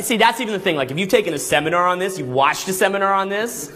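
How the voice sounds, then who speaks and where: A man coaching a live seminar in a hotel room, animated and laughing often as he acts out voices. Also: sits high, fast. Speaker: dating coach running seminars.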